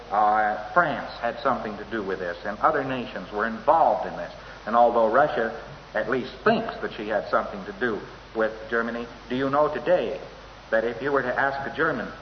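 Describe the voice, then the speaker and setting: A man giving an informal lecture in a wry, anecdotal way, chuckling at his own asides. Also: medium pitch. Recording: echoey hall, dull lo-fi old tape, faint hiss.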